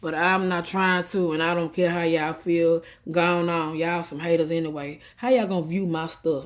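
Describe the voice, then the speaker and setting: A tearful woman, venting defiantly into a phone held at arm's length, swinging from quiet and subdued to heated. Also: fairly low pitch, steady tone, moderate pace, hardly any pauses. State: tearful after crying. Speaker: vlogger. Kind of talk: emotional selfie vlog rant.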